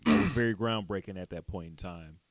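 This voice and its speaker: A man co-hosting a casual podcast chat, speaking hesitantly with frequent pauses and restarts. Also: deep voice, no echo. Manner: hesitant, many ums and restarts. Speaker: podcast co-host.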